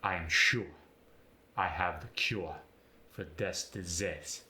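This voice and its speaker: A man putting on a West African accent, speaking example sentences slowly and deliberately and stressing every syllable. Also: low voice, pushed and bright, reverberant, pitched below the performer's own voice, exaggerated voice. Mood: demonstrating.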